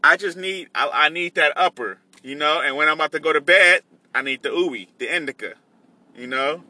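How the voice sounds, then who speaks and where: A man's voice: fairly high pitch, a little fast, pushed and bright, no room sound. A young man hosting his own podcast while out on delivery runs, talking in a loose, rambling way with many restarts. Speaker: podcast host and delivery driver. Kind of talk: casual rambling monologue.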